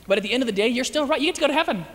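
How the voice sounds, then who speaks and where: A man giving a lively, joking talk to an audience as a Christian speaker, acting out the voices he quotes. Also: very high-pitched, rapid-fire, in a large hall.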